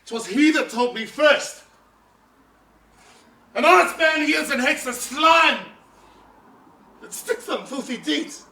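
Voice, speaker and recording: An actor playing a jealous, tormented husband in amateur stage acting, brooding murmurs breaking into shouts. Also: male voice, extremely high pitch, lively intonation, takes it slowly, long pauses, heavily acted. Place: outdoor stage, roomy. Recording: roomy echo from far off.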